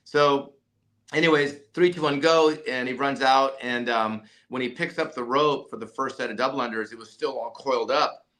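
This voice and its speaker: A man who is a company CEO and coach, telling an animated story in a podcast interview, full of restarts and "right?" tags. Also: mid-range voice, normal speed.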